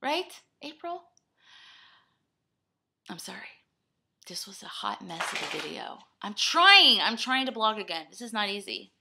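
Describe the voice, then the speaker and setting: A woman's voice: medium pitch, very animated, moderate pace, gravelly, heavy background noise. A young woman rambling through a personal video blog, self-deprecating and scattered, talking in sudden bursts. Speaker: vlogger.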